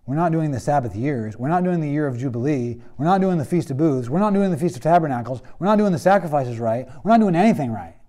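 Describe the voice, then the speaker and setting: A man's voice: on the high side, lively intonation, fast talker, hardly any pauses, mellow, lightly acted. A man voicing a dismayed young king listing his people's failings.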